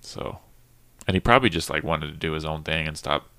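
Deep gravelly man. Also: fairly quick, bright, forceful tone, dry recording. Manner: laid-back, hedging. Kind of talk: casual chat.

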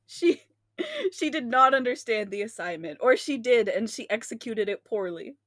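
Giggly high-voiced woman chatting. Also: moderate pace, no room sound, studio quality. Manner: giggly, laughs often, animated. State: laughing to tears at times. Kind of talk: casual chat.

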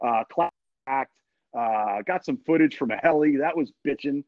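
A man's voice: mid-range voice, moderate pace, no echo. A man guest on a podcast, telling a story energetically in laid-back slang with frequent restarts. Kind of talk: animated storytelling. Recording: dull, dry lo-fi sound.

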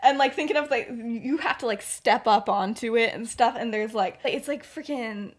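A young woman tells a fan-fiction story on her podcast, her voice sitting fairly high for a woman. She rambles along casually, laughing often and piling up fillers as she goes. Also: moderate pace. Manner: giggly, rambling, filler-heavy. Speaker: podcast host.

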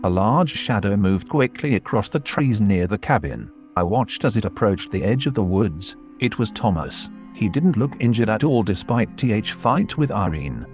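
A man's voice: on the low side, big pitch swings, normal speed, hardly any pauses, darkish tone. A man narrating a first-person horror story and voicing its dialogue. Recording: faint music underneath.

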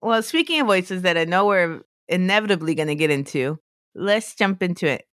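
A woman's voice: on the low side, animated, fairly quick, fairly bright tone, clean tone, dry recording, studio quality. A woman hosting a podcast, telling a story in a loose, conversational way and laughing easily between points. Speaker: podcast host. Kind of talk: casual podcast chat and storytelling.

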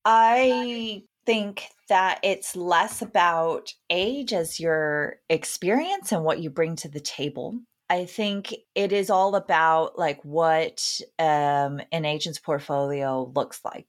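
A woman with a notably low voice, speaking as a talent agent in a relaxed panel Q&A. She talks frankly and upbeat, with easy laughter in her manner. Her delivery is conversational and direct. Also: slow pace, few pauses. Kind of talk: casual panel Q&A.

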